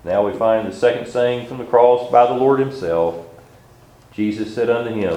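A man preaching a sermon, reading scripture aloud slowly and measuredly between his own remarks. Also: on the low side, a little mellow. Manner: reads scripture aloud in old-style wording, slow and measured. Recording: echoey room.

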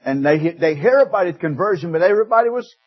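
A man preaching a sermon, telling stories in a folksy way, pushing up for emphasis and dropping soft for quoted words. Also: high-pitched, expressive, quick pace, breathy edge, muffled recording. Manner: folksy storytelling with rising emphasis and hushed quoted lines.

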